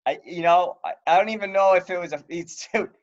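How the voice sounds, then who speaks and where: A man with a high voice chats casually as a podcast co-host, full of fillers and quick laughs. The recording sounds a little dull and lo-fi. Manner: animated, laughing, lots of fillers. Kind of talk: casual chat.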